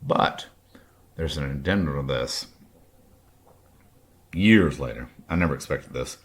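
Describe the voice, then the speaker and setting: A Kentucky man in his late forties hosts a personal podcast monologue with a drinking edge, speaking in a very deep, low voice. He tells his story bluntly with raw, heavy profanity, animated yet unhurried.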